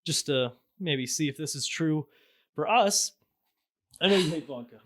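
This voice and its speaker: A man's voice: on the high side, a little slow. A young man from Canada co-hosting a podcast, chatting casually with many fillers and restarts. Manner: relaxed, hesitant, frequent fillers and restarts. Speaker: podcast co-host. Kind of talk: casual chat.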